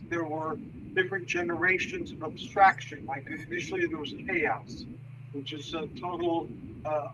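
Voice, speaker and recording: A man hosting a show who explains ideas in a thoughtful way. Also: on the high side. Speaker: host. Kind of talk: casual discussion of mythology. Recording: dull lo-fi sound with noise.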